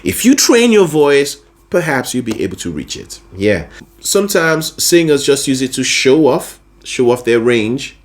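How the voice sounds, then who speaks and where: A man's voice: mid-range voice, big pitch swings, a little slow. A man teaching a singing lesson, explaining vocal registers patiently and often checking that the listener is following. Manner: explains patiently, often checking in with "you see what I'm saying?". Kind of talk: vocal lesson with sung demonstrations.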